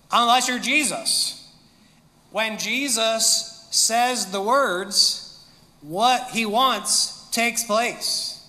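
A male pastor delivers a sermon in a bright, fairly high voice, explaining patiently and slipping in dry jokes. His words carry a long reverb through a large church hall. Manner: explanatory, with dry humorous asides.

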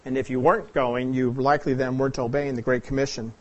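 A sermon comes from a man from the Pacific Northwest of the United States, who teaches his way through it, asks the listeners questions, and frequently clears his throat. He talks fast with a flat delivery at a medium pitch, and the audio sounds dull.

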